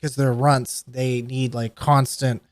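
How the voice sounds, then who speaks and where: A man runs a tabletop game as game master, explaining rules in a relaxed, joking way. His voice sits at an everyday middle pitch. The mic is close and dry, with no room sound. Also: slow, no room sound. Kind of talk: running a tabletop game over voice chat.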